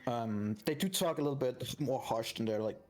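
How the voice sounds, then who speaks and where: A man narrating a tabletop game as game master, relaxed and full of fillers. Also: medium pitch, moderate pace, soft background music. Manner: relaxed, with many fillers and restarts.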